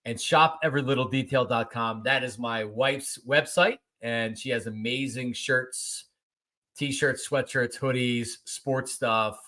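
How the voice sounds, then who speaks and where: A man's voice: mid-range voice, fairly even intonation, measured pace, pushed and bright. A man hosting a casual sports podcast, chatting loosely and wrapping up with plugs. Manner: chatty, upbeat sign-off plugs. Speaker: podcast host. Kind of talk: casual chat.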